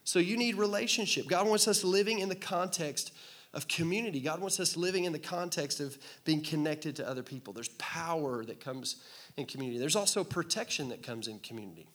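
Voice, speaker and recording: A man preaching a sermon to a congregation in a relaxed, conversational way, cracking jokes and asking the room to answer back. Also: a little high, fairly quick. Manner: conversational, joking, asks the crowd to respond. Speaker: pastor. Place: church hall with congregation.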